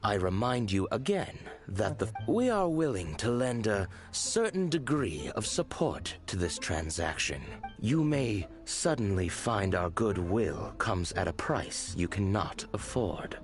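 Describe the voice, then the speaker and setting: A cold, menacing agent. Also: male voice, fairly low pitch, big pitch swings, music in the background. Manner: measured, coolly threatening. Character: cold, menacing male agent, veiled threats. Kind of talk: video game dialogue.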